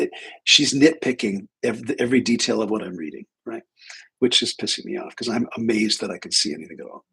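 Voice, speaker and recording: A man's voice: lowish voice, brisk, creaky, a bit bright, slightly rough, low-quality recording. A man hosting a livestream as a spiritual teacher, telling a story casually, often breaking off mid-sentence. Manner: rambling, self-interrupting, acts out dialogue.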